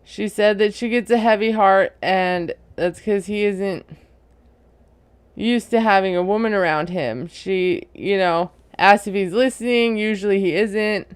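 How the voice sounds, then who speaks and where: Chatty woman recapping a reality show, smooth clear voice, dry close sound, pretty opinionated. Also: mid-range voice, measured pace, no room sound. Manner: chatty and opinionated, frequent laughs. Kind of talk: casual recap commentary.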